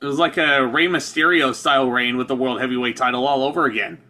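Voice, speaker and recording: A man's voice: mid-range voice, steady tone, fast, bright, forceful tone. A man co-hosting a casual wrestling review podcast, easygoing and hedging with casual swearing. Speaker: podcast co-host.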